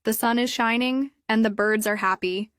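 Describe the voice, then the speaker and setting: A woman's voice: a little high, fairly even intonation, normal speed, a bit bright, clear, resonant tone, no echo, studio quality, lightly acted. A woman voicing a polite young woman learning English, speaking carefully in simple phrases.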